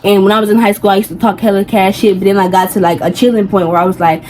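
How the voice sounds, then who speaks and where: A woman's voice: medium pitch, fairly even intonation, racing, a little mellow, a little hiss or hum, low-quality recording. A young woman telling a personal story in a heated, venting way, full of slang and rambling asides. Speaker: vlogger. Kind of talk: casual storytime rant.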